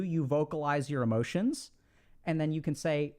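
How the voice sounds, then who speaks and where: A man giving relationship advice in a casual, explanatory talk, full of fillers and quick "right?" check-ins. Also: fairly high pitch, lively intonation, darkish tone.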